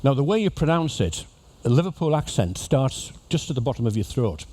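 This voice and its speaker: A man's voice: mid-range voice, very animated, a little fast, mellow. A man giving a humorous, chatty talk to cruise passengers as an after-dinner speaker. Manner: jokey, chatty storyteller addressing an audience. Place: ship lecture venue.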